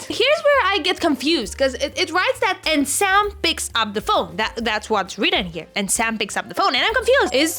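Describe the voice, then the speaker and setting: A young woman with a high, bright voice chats through a book review, reading out lines between reactions. She sounds tearful and worked up, exclaiming at how sad the story is, with faint music playing behind her. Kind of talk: casual reading vlog, reading passages aloud.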